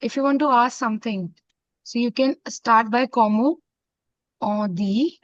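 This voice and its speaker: A woman with an Indian accent teaching a French class, mixing in Hindi and repeating phrases slowly. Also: fairly high pitch, no echo. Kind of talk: online classroom lesson. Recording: dull, dry lo-fi sound.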